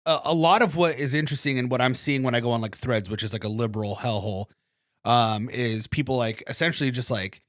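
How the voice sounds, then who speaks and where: A man co-hosts a casual podcast, rambling through his thoughts with plenty of ums. His voice is mid-pitched, and the recording is dry and close. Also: a little fast, fairly bright tone, no echo. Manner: rambling, lots of um and like. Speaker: podcast co-host.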